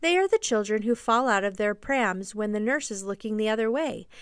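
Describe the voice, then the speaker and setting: A woman's voice: medium pitch, animated, fairly quick, smooth, no room sound, studio quality, close to an everyday voice. A woman voicing an eager, boastful young boy who refuses to grow up, in a storybook reading. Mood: cocky.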